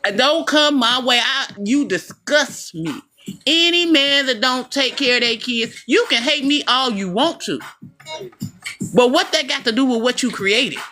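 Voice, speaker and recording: Brash high-voiced middle-aged woman ranting. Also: expressive, unhurried, sharp tone, soft background music. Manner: brash, profane, preachy, addresses listener as baby and boo. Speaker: vlogger. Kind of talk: blunt personal rant to camera.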